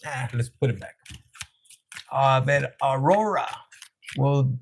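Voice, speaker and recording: A man's voice: medium pitch, slow pace, creaky, slight background noise. A man giving a live tarot reading, joking and swearing, often laughing and chatting with viewers by name. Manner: profane, joking, acts out voices. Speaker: tarot reader.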